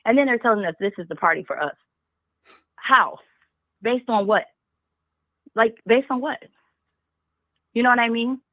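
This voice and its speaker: A woman's voice: a little high, animated, moderate pace, long pauses, no echo. A woman calling in to a talk show, speaking passionately and firing off rhetorical questions. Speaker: caller. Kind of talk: call-in talk. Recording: tinny phone line.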